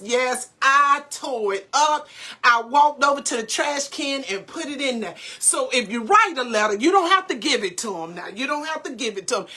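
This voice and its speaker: A woman hosts a live motivational morning show, her voice pitched high and leaping all over the place. She greets viewers by name with energy and repeats key phrases for emphasis. She takes her time, letting each line land slowly. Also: pushed and bright. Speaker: motivational speaker and show host.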